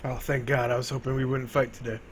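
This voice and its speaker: A man's voice: mid-range voice, flat delivery, fast talker, a little hiss or hum. A man playing a tabletop game, joking and giving orders to the party. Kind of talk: casual in-character play.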